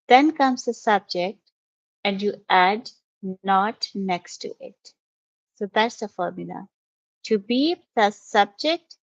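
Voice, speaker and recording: A woman teaching basic English grammar, explaining each step slowly and patiently over a screen lesson. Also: medium pitch, no room sound. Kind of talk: slow, careful classroom explanation. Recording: dull, dry lo-fi audio.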